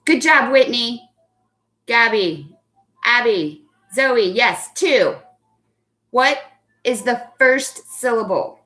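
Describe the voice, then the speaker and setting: Young woman teacher, slow and patient, warm praise for each child, sounding words out for early readers. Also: fairly high pitch, lively intonation. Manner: slow and deliberate when spelling out words. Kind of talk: live online phonics lesson.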